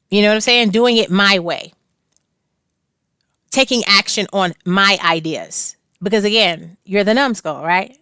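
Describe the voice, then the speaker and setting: Woman tarot reader, casual and blunt, quick laughs, smooth clear voice, dry close sound, salty slang. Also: mid-range voice, a bit bright, no echo. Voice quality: blunt and slangy, laughs often, cusses freely.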